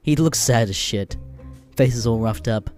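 A man narrating comedic internet stories with crude, deadpan asides, a little under the weather. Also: mid-range voice, moderate pace, faint music behind. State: a bit sick.

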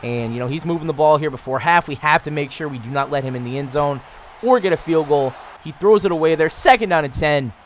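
A man in his twenties casually commentating on his own football video game, getting louder and higher on big plays. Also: fast, a little hiss or hum. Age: 20s. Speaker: gaming YouTuber.

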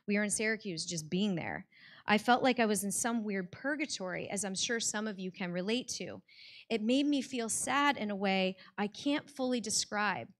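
A woman's voice: medium pitch, normal speed. An American woman telling a personal story on stage before a live audience, in a heartfelt conversational way with many "like" fillers.

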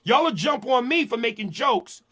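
Sarcastic high-voiced man. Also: animated, moderate pace, bright, forceful tone, slightly rough. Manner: sarcastic, mocking. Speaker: comedian. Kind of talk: monologue in a played clip.

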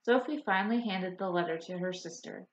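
A woman narrating an audiobook chapter in a measured storytelling manner. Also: mid-range voice, a little hiss or hum. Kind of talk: scripted narration. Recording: roomy, slightly dull audiobook recording.

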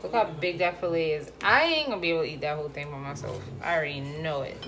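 A woman's voice: low voice, quick pace, fairly bright tone, a little hiss or hum. A woman hosting a cooking video, chatting casually with playful slang and joking asides. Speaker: cooking vlogger. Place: home kitchen. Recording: frying sizzle in background.

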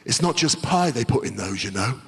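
A man doing a gruff Cockney cabbie. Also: mid-range voice, lively intonation, a little fast, in a large hall, pitched below the performer's own voice. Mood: deadpan. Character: gruff older male Cockney cabbie, rambling and odd. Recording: live theatre crowd and noise.

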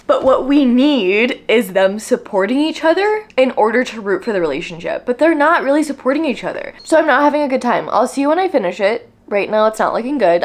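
Exasperated young woman ranting about books. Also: fairly high pitch. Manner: exasperated, emphatic, animated ranting. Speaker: book vlogger. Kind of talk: casual vlog rant.

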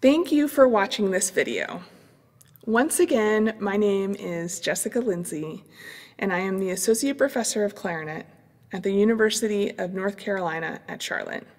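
A middle-aged woman, a clarinet professor, calmly explaining practice strategies in an instructional demonstration. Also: mid-range voice, moderate pace, long reverb tail. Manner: calm, explanatory, with fillers.

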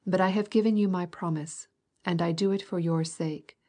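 A man's voice: sits high, steady tone, normal speed, warm tone. A woman voicing a proud, reluctant young nobleman who speaks coldly, in an audiobook. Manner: cold, curt.

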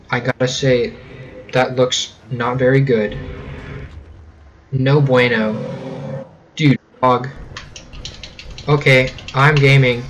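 A man's voice: mid-range voice, a little hiss or hum, poor audio. A young man giving casual, jokey gameplay commentary with sarcastic running gags. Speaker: let's play host.

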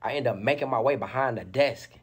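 Husky young man telling a wild story. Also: medium pitch, a little fast. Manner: animated, slangy retelling with many fillers. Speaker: storyteller in a played interview clip. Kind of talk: casual storytelling.

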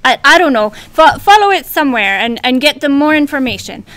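A woman's voice: high-pitched, lively intonation, a little fast, a bit bright. Woman doing a bumbling Canadian hoser brother. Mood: goofy. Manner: hammy, stammering, tacks on "eh". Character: goofy Canadian hoser brother, adult man. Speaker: library staff. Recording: noisy amateur recording.

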